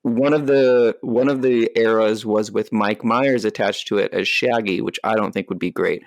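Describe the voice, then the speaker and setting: A man's voice: fairly low pitch, fairly even intonation, moderate pace, creaky, no echo. A man co-hosting a podcast, joking through a casual movie discussion and laughing often. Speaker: podcast co-host.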